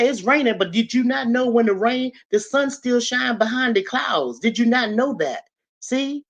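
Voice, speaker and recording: Woman with a mid pitch, delivering an emphatic, repetitive pep talk straight to her viewers on a slightly muffled stream. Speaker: livestream host giving a motivational talk. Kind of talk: casual preachy monologue to viewers.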